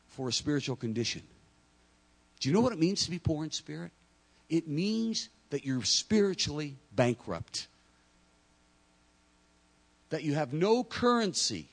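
A man preaching a sermon, talking to the congregation directly and acting out imagined speakers. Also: a little high. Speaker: pastor.

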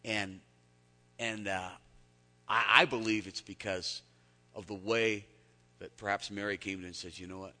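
A male pastor preaching with a low-set but bright, forceful voice. He tells stories conversationally, dropping to near-hushed asides and then climbing to loud, emphatic peaks. His words ring out through the long reverb of a large hall. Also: steady tone, normal speed, long pauses. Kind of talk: sermon.

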